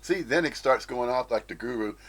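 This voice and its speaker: A man's voice: medium pitch, expressive, a little fast. A man giving a blunt, profane, emphatic monologue on spiritual teachings. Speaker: spiritual commentator. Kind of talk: ranting monologue.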